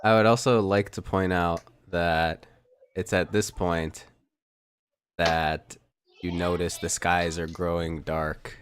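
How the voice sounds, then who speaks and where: A man acting as dungeon master, narrating a tabletop game in quick, descriptive bursts. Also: low-pitched, level tone, noisy background.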